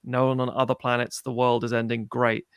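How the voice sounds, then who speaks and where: A man in casual film chat, animated, swearing freely and mimicking people as he tells a story. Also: medium pitch, a little fast, smooth, no echo, studio quality. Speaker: podcast co-host.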